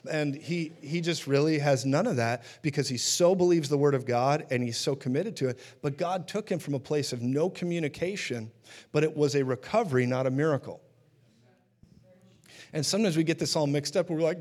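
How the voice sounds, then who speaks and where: A man's voice: on the high side, a little fast, darkish tone. A man preaching a sermon in a conversational teaching manner, often checking in with his listeners.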